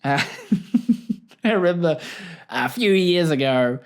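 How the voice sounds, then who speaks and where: A young man with a New Zealand accent hosts a solo podcast, telling a story in a jokey, rambling way and laughing often. His voice sits on the high side and is expressive, and he speaks slowly.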